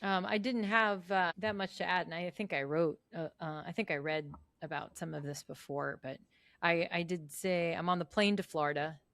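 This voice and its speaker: A woman's voice: on the low side, steady tone, moderate pace, fairly bright tone, dry recording. A woman in her forties, chatty and laughing, reading from her old diary with her sisters on a podcast. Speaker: podcast co-host. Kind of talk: casual chat, reading old diary entries.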